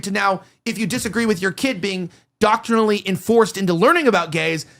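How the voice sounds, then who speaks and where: A man hosting an opinionated commentary show, talking in a rapid, heated, rambling way with many restarts. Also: high voice, fairly bright tone. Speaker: show host.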